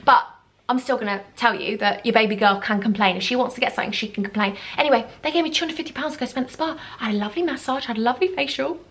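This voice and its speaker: A young woman telling a dramatic, gushing storytime, acting out quoted voices with big jumps in pitch. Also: racing, a bit bright. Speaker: YouTuber. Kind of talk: casual storytime chat.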